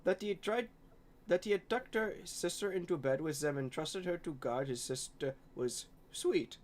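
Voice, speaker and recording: Man from Canada reading fiction aloud. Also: fairly high pitch. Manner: halting, giggly reading, frequent restarts. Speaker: podcast host reading fan fiction.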